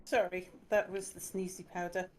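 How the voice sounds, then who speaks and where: Woman w a lowish voice, just explaining stuff plainly. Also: little pitch movement, normal speed, slight background noise. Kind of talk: casual chat.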